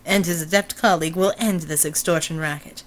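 A woman's voice: low-pitched, fairly even intonation, a little fast, a little hiss or hum, close to an everyday voice, low-quality recording. A woman voicing a theatrical male pulp hero, speaking in a florid, courtly, old-fashioned manner. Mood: grandiose.

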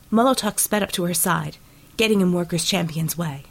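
A woman narrating an action audiobook in steady, dramatic storytelling. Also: fairly low pitch, a little fast, gravelly, rough recording.

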